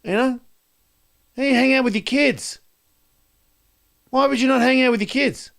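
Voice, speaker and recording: A man doing a profane stand-up rant, swinging between loud outbursts and quiet asides. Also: very high-pitched, moderate pace, gravelly. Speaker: comedian.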